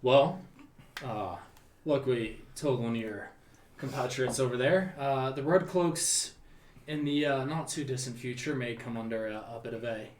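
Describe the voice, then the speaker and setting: A man playing a smooth-talking male negotiator in a red cloak, who hedges and fills his lines with "uh". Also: medium pitch, unhurried, close to an everyday voice. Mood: persuasive. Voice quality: hedging, with many fillers. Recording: roomy sound from a distance.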